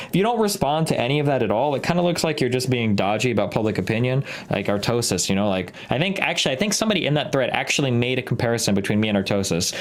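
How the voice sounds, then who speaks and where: Young male streamer, casual rant, quick and profane, lots of fillers and restarts. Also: mid-range voice, sing-song. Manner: fast, profane, rambling with many fillers and restarts. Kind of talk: casual ranting monologue.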